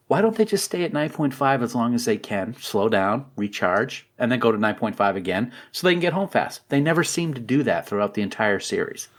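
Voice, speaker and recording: A man co-hosting a casual podcast, enthusiastic and quick to laugh, musing over questions aloud. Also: mid-range voice. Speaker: podcast co-host.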